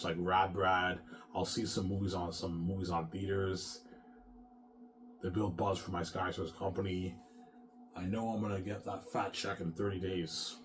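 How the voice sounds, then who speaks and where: Man, very deep voice, rambling monologue, stammering restarts, cursing, faint background hum. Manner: repetitive, profane, stammering restarts. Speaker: vlogger.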